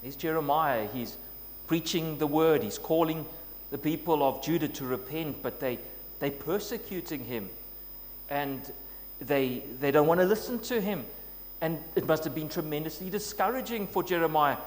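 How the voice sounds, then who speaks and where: A man's voice: a little high, normal speed. Earnest male preacher in a reverberant hall. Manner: earnest, builds to emphatic quoting of scripture. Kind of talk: sermon. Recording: long reverb, faint noise with hum.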